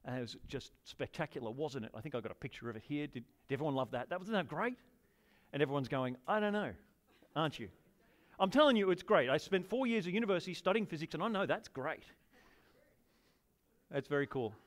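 A man's voice: fairly high pitch, lively intonation, quick pace. A man preaching a sermon to a congregation, enthusiastic and conversational, often turning questions to the listeners. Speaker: pastor.

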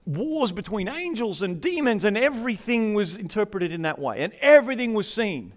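A man delivers a sermon in a light, high voice. His preaching is humorous and conversational, with asides and questions aimed at his listeners. He keeps the tone easygoing as he speaks. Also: sing-song, normal speed. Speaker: pastor.

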